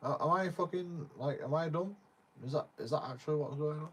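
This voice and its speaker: A man's voice: a little high, a little fast, fairly bright tone, slightly rough. A man, commenting casually on a clip in a rambling, swearing manner. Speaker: streamer reacting to a clip.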